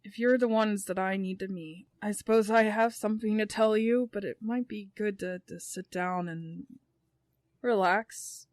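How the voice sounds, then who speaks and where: A woman's voice: medium pitch, steady tone, unhurried, darkish tone, no echo, natural voice. Woman as a flustered, apologetic male elf, tabletop role-play, dry mic. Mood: earnest. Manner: hesitant, apologetic, trailing off.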